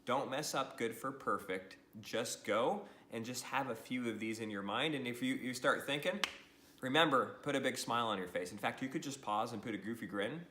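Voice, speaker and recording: A man delivers a lively social media training talk straight to camera, upbeat and animated, laughing often and ending lines with "right?". His voice is mid-range at a moderate pace, and the roomy recording carries slight background noise.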